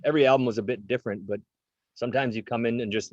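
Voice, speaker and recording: A man's voice: mid-range voice, steady tone, very fast, a little mellow, no echo, highs cut off. A man in his forties, a drummer interviewed as a guest, talking casually with lots of fillers and restarts. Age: 40s. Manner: rambling, many fillers and restarts.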